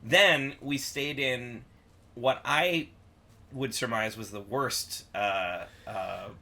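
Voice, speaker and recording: A man's voice: mid-range voice, drawn-out words, creaky, pushed and bright. A young man in a band, casually rambling through tour stories on a livestream chat and laughing often. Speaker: band member co-host.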